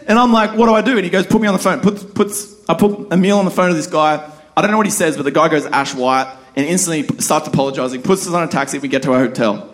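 A man preaching a sermon, telling a personal story and acting out the voices in it. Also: sits high. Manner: animated storyteller, acts out quoted voices. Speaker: pastor.

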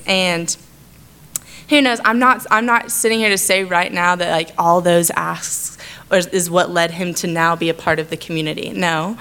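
Standing before her church, a young adult woman gives an earnest, conversational testimony from the heart. She speaks at normal speed in a lowish, clear, resonant voice that is sharp in tone, with fairly even intonation.

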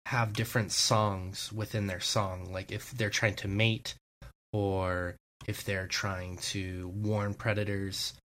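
A man's voice: on the low side, level tone, slow, a bit bright. A man co-hosting a podcast, talking eagerly in long, rambling explanations. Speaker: podcast co-host. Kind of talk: casual podcast chat.

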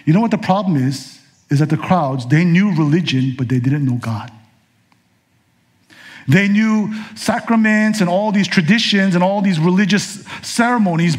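Male pastor, high voice, conversational sermon, casual asides.

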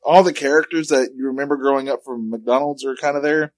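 A man's voice: mid-range voice, steady tone, fast talker, dry recording. A man co-hosting a casual retro gaming podcast, teasing his partner and laughing a lot. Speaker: podcast co-host. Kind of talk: casual chat about retro video games.

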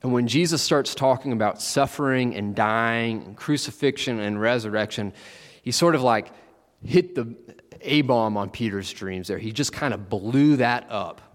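A man's voice: medium pitch, normal speed, big-room sound. A man preaching a conversational sermon, acting out the disciples with playful asides.

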